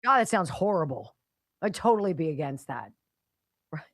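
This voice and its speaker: A woman's voice: on the low side, animated, moderate pace, no echo, studio quality. A woman hosting a talk radio show, delivering a sarcastic, mocking opinion monologue. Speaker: radio host.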